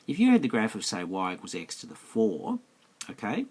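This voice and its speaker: A man's voice: fairly low pitch, huge pitch swings, a little fast, darkish tone, breathy edge. A man teaching maths in a screencast lesson, chatty and repetitive, often checking that students follow. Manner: chatty, repeats himself, asks students questions. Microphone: close mic over a tablet screencast.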